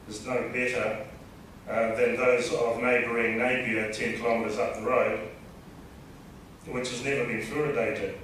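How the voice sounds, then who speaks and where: Man with a New Zealand accent, dentist lecturing, dry and measured; heard from afar in a very echoey hall. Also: mid-range voice, a bit bright, a little hiss or hum. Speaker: dentist giving a talk. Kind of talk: lecture presentation. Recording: distant echoey hall mic.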